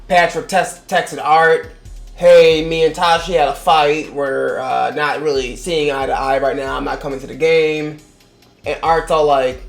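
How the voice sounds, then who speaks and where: A man's voice: a little high, echoey room. A man giving a casual, rambling film review, swearing freely and acting out the characters' lines in mock voices. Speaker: movie reviewer.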